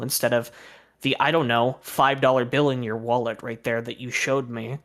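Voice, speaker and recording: A young man talks on his stream in a loose, storytelling rant, his voice sitting at an ordinary middle pitch. He sounds exasperated and aggrieved, swearing freely as he goes. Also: fairly even intonation, normal speed, fairly bright tone.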